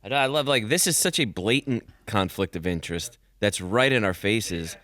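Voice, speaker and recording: A young man chatting as a regular on a sports talk show, jokey and animated. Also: lowish voice, normal speed.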